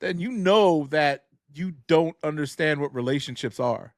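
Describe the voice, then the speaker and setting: A young man with a notably high voice jokes and rants through a casual podcast chat, swearing freely and laughing at his own stories. The sound is close and dry, with no room around it. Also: normal speed, no room sound. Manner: loud, profane, laughing, animated storytelling. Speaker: podcast co-host.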